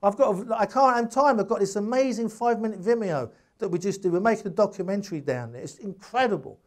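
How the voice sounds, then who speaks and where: A man's voice: high-pitched, fast. Emphatic man telling lecture stories. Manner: emphatic, animated storytelling; speaks in bursts with many restarts and asides. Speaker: guest lecturer. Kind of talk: public lecture with anecdotes.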